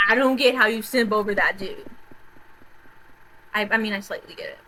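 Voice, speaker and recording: A woman vlogger in a casual, rambling rant, often repeating herself and swearing, swinging between loud outbursts and quiet mutters. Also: mid-range voice, unhurried, long pauses, a little hiss or hum, poor audio. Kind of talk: casual rant about horror movies.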